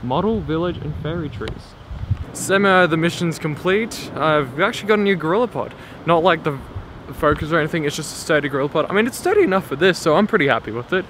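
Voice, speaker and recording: A man's voice: fairly high pitch, lively intonation, fast talker. A young man, vlogging casually through city streets and a park, swearing a lot and often laughing. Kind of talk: casual handheld travel vlog. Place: outdoors in busy city streets, station and park. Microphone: camera on a small tripod. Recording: clear street noise behind.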